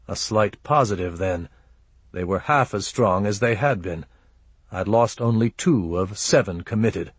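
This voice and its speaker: A man reading a first-person audiobook narration in a measured, grim, low-key manner. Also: lively intonation, breathy edge, dry recording.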